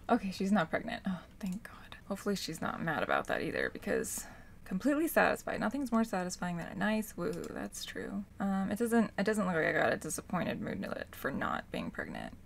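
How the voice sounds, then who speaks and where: Young female gameplay host, bright excitable delivery, lively swooping pitch. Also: normal speed, gravelly, a little hiss or hum. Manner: excitable, squeals and gushes. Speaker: gaming channel host. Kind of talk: casual gameplay commentary.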